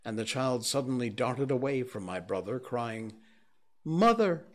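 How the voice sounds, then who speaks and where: A man reading a novel aloud as an audiobook narrator, in a slow, measured and grave way. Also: mid-range voice. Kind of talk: scripted narration.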